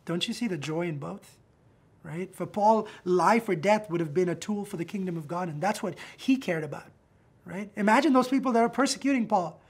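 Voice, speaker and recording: A man preaching a sermon as pastor, animated and conversational, acting out the quotes he tells and often checking in with "right?". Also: high voice, fairly quick, husky. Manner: animated, acts out quotes, frequent "right?" tags.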